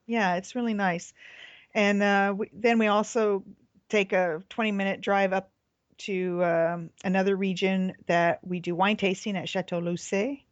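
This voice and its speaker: A woman's voice: medium pitch, fairly even intonation, measured pace, dry recording. Woman running a tour business, chatty, lots of ums, muffled dry sound. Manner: chatty, lists items with many fillers. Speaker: tour company owner, podcast guest. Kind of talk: casual chat.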